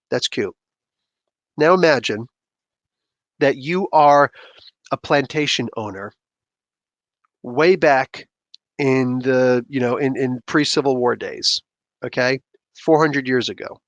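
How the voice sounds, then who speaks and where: A man hosting a comic book review show, talking in a loose, animated and rambling way with sudden outbursts. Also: medium pitch, slow, long pauses, no room sound. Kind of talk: casual commentary.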